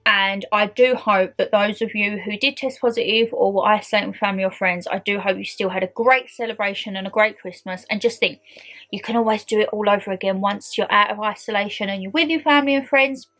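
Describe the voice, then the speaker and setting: In a casual year-end vlog, a YouTuber in her twenties chats to the camera, bubbly and friendly, calling her viewers "my lovelies." Her medium-pitched voice has a fairly bright tone and runs a little fast.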